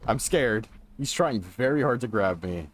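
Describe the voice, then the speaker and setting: A man streaming a game and chatting casually, getting panicky and excitable and repeating himself in bursts. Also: fairly low pitch, a little slow, slight background noise. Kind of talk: casual gaming livestream chat.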